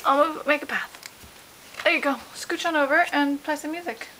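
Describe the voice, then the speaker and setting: A woman's voice: high voice, steady tone, normal speed, sharp tone, poor audio. A woman in a home video coaxing a toddler with sing-song baby talk. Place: family home indoors. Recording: home camcorder with noticeable background noise.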